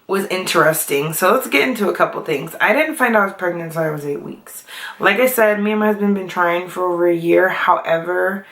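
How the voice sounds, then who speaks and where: A woman's voice: medium pitch, a bit bright. A young adult woman chatting casually to camera as a vlogger, full of fillers and laughs. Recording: echoey room.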